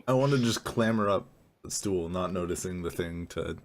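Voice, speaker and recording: A man's voice: low voice, normal speed. A man playing a tabletop game, describing his moves in a laid-back way. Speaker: player. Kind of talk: casual chat at a tabletop game.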